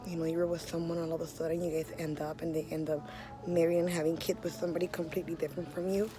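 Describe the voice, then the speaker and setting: A young woman from the Los area, an artist telling her own story in blunt, profane words, loud one moment and hushed the next. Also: low-pitched, little pitch movement, very fast, music in the background. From Los Angeles area. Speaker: street artist. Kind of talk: candid personal storytelling.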